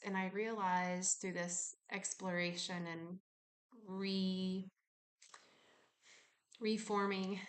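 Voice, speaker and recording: A woman's voice: mid-range voice, a bit bright. A woman in her kitchen at home, talking candidly and reflectively in a personal vlog, acting out her inner dialogue.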